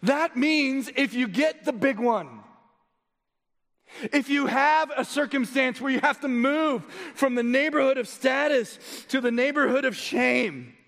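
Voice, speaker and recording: A male pastor with a high voice preaches a sermon, peppering his listeners with rhetorical questions. He swings from loud emphasis to low, quiet passages. A long reverb from a large hall trails after his words.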